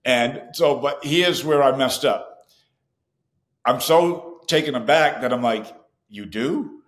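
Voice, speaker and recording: A man, a podcast guest, telling a personal story in an animated way and acting out his own past dialogue. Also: medium pitch, slow, roomy sound.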